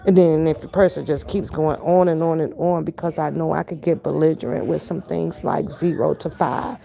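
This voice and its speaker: A woman's voice: deep voice, steady tone, normal speed, creaky, hardly any pauses, dark tone. An older woman chatting bluntly to her viewers from her kitchen, profane and emphatic, stretching out her words. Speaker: reaction channel host. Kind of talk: casual commentary to viewers. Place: home kitchen.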